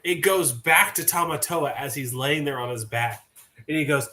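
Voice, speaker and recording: A man's voice: a little high, moderate pace, bright, forceful tone. A man in his thirties, a player at a tabletop game, chatting casually and wandering into asides.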